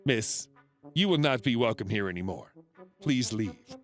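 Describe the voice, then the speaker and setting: A man voicing a dignified, elderly German woman deli owner who speaks in a stern, measured way. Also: fairly low pitch, lively intonation, soft background music, pitched below the performer's own voice.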